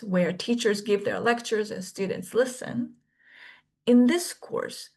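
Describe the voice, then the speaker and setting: A woman course instructor giving a scripted orientation lecture in a measured, deliberate way, pausing between the items of each list. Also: a little high.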